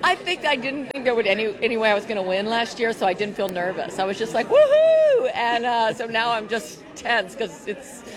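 An actress chatting in an interview, bubbly and excited. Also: female voice, fairly high pitch, fairly quick, hardly any pauses. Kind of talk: casual interview chat. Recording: crowd at a party.

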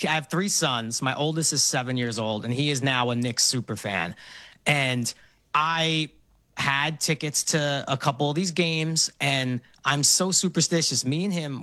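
A middle-aged Brooklyn man tells animated stories as a guest. His voice is bright and a little higher than most men's. The recording is dry and close. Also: no room sound. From Brooklyn, New York. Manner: animated storytelling, quick laughs. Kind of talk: casual interview chat.

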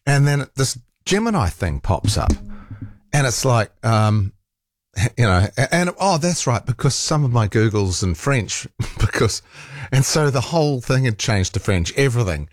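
A man's voice: mid-range voice, sing-song, measured pace, no room sound, clean studio sound. A man hosting a talkback radio show, telling a rambling, exasperated story with laughs and mild swearing. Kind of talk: casual on-air chat.

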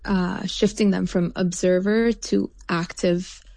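Woman artist, interview guest, low gravelly voice, mellow tone, thoughtful with many fillers. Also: fairly even intonation, slow pace, dry recording. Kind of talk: interview answers.

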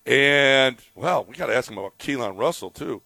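Excitable sports radio host. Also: male voice, medium pitch, moderate pace, gravelly, no room sound. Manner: animated, excitable, repeats words when riled up. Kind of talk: casual sports talk and live ad read.

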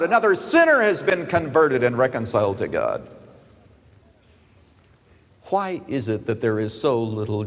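Man preaching, swoops up loud then drops soft, lots of hall echo. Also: sits high. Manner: animated preaching, rising loud on key phrases and dropping soft. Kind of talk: sermon. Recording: long hall reverb.

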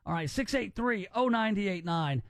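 A man's voice: high voice, a little fast, dry recording. A man hosting a radio talk show, talking in a casual, wry way and often restarting his sentences. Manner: animated, wry, with many restarts.

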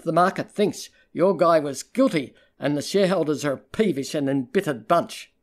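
A man's voice: on the high side, moderate pace, natural voice. Male reader doing a cutting, sarcastic female private eye for an audiobook; slightly raised voice. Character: sharp-tongued female private investigator.

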